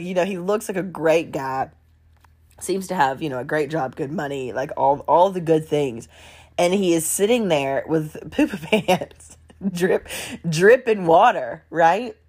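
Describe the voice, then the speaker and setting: A woman telling a story in a casual vlog, animated and addressing viewers directly, often breaking into laughter. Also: lowish voice, husky.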